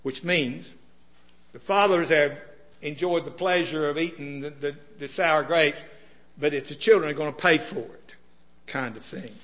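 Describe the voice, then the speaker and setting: A man's voice: fairly high pitch, a little slow, fairly bright tone. A man preaching a sermon in a conversational way, often putting questions to his listeners.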